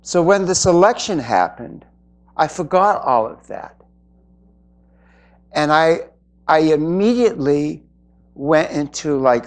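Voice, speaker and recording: A man giving an inspirational spiritual talk to an audience, earnest and reflective, with pauses. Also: on the high side, animated. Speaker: spiritual speaker.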